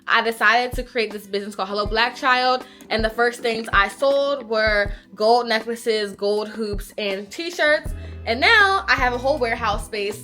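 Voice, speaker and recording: Young woman, breathless, bright higher voice, swears casually, faint music behind. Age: 20s. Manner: chatty, candid and swearing. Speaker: small business owner and vlogger. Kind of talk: casual vlog talk to camera. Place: warehouse space, indoors. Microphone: handheld phone camera.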